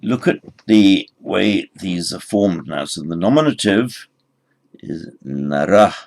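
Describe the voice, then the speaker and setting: A man teaching a recorded grammar lesson, explaining word forms patiently and spelling them out slowly. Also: sits low, expressive, vocal fry, darkish tone. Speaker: language teacher.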